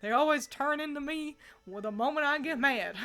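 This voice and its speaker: Woman streamer rambling to chat, kinda high voice, giggles a lot. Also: sharp tone. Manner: rambling and giggly, laughs often between thoughts. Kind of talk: casual livestream chat answering viewers.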